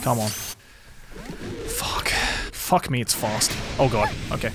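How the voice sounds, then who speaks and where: A man streaming a video game live, commenting excitedly with lots of slang and swearing. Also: mid-range voice, normal speed, a little hiss or hum.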